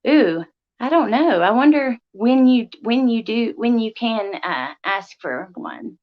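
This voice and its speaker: A woman's voice: fairly high pitch, lively intonation, slow. A young woman hosting a casual livestream, rambling through viewer comments with lots of ums and likes. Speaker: livestream host. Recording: slightly dull lo-fi audio.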